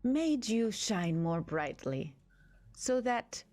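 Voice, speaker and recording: A woman voicing a gentle spirit in a talking rock, soft and reassuring. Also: medium pitch, very animated, takes it slowly, dry recording, pitched above the performer's own voice. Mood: tender.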